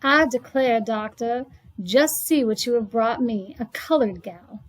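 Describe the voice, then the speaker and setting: A scornful landlady with a biting, loud delivery snaps and sneers through her lines in a storybook reading, as a woman puts her on. The voice sits on the high side and carries a mocking drawl. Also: normal speed, close to an everyday voice, poor audio. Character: sharp-tongued scornful woman landlady, Irish. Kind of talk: read-aloud storybook.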